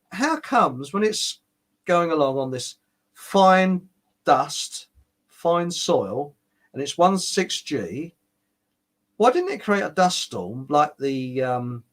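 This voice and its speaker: A man's voice: on the high side, fairly bright tone. An older man with a British accent, hosting a casual livestream chat, rambling with restarts, chuckling often and reading out viewer comments. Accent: British English. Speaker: livestream host.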